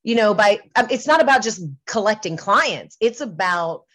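A woman's voice: medium pitch, expressive, normal speed, fairly bright tone. A middle-aged woman talking candidly and earnestly as an interview guest, repeating and restarting phrases as she makes her point. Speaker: singer and entertainment business owner, interview guest.

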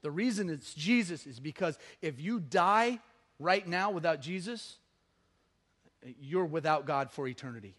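A male pastor preaching a sermon in a church service, telling stories with animated energy and acting out the people in them. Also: on the high side, a little slow.

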